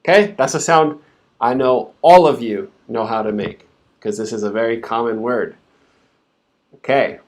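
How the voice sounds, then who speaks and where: A man's voice: medium pitch, normal speed, pauses often. A man teaching English pronunciation in a live stream, patiently breaking words into sounds and repeating them for learners to copy.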